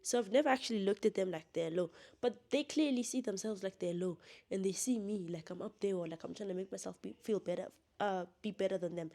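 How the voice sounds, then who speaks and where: A woman's voice: mid-range voice, fast, hardly any pauses, warm tone. A young woman talking straight to camera in a candid vlog monologue, blunt and defiant, laughing often. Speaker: vlogger.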